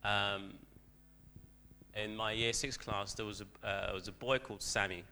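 A man's voice: lowish voice, fairly even intonation, a little slow, sharp tone. A man, a teacher, telling a self-deprecating story in a church talk, with frequent restarts.

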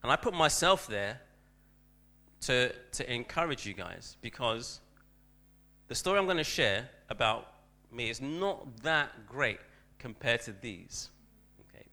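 Bright-voiced man telling a story. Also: mid-range voice, lively intonation, unhurried. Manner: self-deprecating storyteller, frequent restarts. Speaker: teacher giving a talk at church. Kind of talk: anecdotal church talk.

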